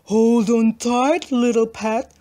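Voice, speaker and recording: A woman doing a slow, polite rumbling brontosaurus. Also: fairly even intonation, warm tone. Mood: calm, polite. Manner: slow, measured, courteous. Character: polite rumbling male brontosaurus, calm and patient.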